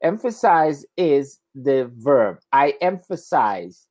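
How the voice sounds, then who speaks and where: A man tutoring English one-on-one, tired, explaining words patiently and repeating them slowly. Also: medium pitch, very animated, a little mellow.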